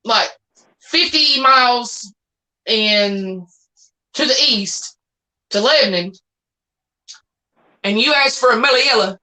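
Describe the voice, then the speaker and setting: A Southern US woman hosting a casual chat. Her voice is bright and a little high, and she talks in a folksy, drawn-out way and laughs easily. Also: rough recording. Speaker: host.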